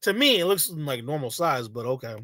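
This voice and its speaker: A man's voice: on the high side, sing-song, brisk, pushed and bright, no echo. A man co-hosting a stream, mocking and repeating exclamations in casual reaction commentary.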